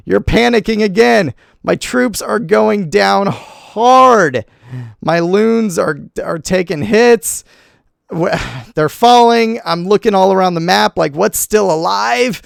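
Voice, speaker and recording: A man commenting on a replay of his own game, animated and self-critical, talking to himself as he goes. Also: high voice, vocal fry, smooth, dry recording, clean studio sound. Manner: self-critical, talks to himself while narrating; animated, quick swings between groans and cheers. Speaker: gaming channel host.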